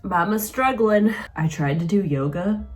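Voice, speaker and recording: A woman's voice: medium pitch, a little slow, darkish tone, soft background music. A young woman vlogging about books at home, chatting casually and informally with her viewers. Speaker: book vlogger. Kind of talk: casual vlog chat.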